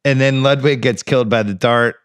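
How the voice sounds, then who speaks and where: A man's voice: mid-range voice, fairly even intonation, a little fast, clean tone, no echo. An American man hosting a podcast, chatting casually about a comedy film, laughing often as he lists favorite gags. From United States. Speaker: podcast host. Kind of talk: casual movie chat.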